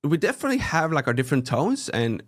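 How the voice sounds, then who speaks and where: A man from Sweden with a Swedish accent, in his thirties, chatting casually as a guest and acting out people's reactions with big jumps in his voice. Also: fast. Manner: animated storytelling, acts out quoted reactions with big pitch jumps. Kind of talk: casual interview chat.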